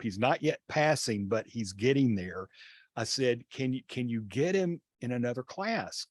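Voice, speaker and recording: A male teacher telling a classroom story in an online class over a video call, acting out the dialogue with lively changes of voice. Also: mid-range voice, dry recording, clean studio sound. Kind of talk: storytelling lecture.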